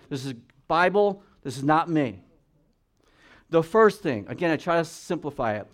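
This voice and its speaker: A man with a slightly higher voice preaches a sermon in an easy, talkative way. He slows right down whenever he reads scripture aloud. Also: animated. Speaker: pastor.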